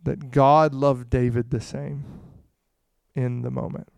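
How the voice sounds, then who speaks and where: A man preaching a conversational sermon to a congregation, swinging between hushed and loud passages, with frequent "you know" asides. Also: medium pitch, flat delivery, slow, vocal fry, smooth, no echo, studio quality. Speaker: pastor.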